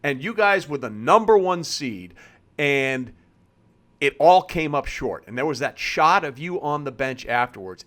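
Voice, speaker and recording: A man's voice: medium pitch, fairly bright tone. A man hosting an interview, recapping past events at length before handing over to his guest. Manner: sets up questions with narrative recaps. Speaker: podcast host.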